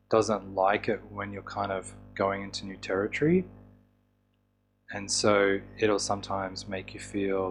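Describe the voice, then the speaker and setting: Low-voiced man teaching, soft music behind. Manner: relaxed, with fillers and restarts. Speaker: EFT teacher. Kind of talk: casual teaching talk.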